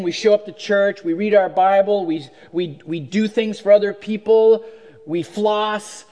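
High-voiced man preaching conversationally. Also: a little mellow. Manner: conversational preaching with rhetorical questions and restarts. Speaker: pastor. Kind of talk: sermon.

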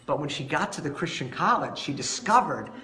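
A man preaching a sermon as pastor, conversational and animated, telling stories and asking rhetorical questions. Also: a little high, fairly quick, reverberant, slight background noise. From Long Island, New York.

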